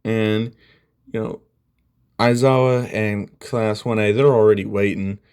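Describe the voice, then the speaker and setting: A man's voice: lowish voice, fairly even intonation, a little slow, darkish tone, smooth. A man casually telling a fan story in a rambling way, full of fillers. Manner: rambling, lots of "you know".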